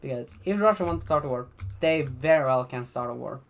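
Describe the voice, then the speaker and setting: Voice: medium pitch, expressive, a little fast. A vlogger from Sweden giving casual commentary in a rambling, blunt and profane way, with frequent restarts.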